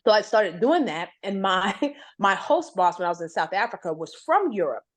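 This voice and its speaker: A woman telling a career story as a podcast guest, her pitch swinging widely. She is animated and acts out the quoted voices of bosses and colleagues. Her voice sits in a middle register. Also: normal speed. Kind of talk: storytelling in a conversation.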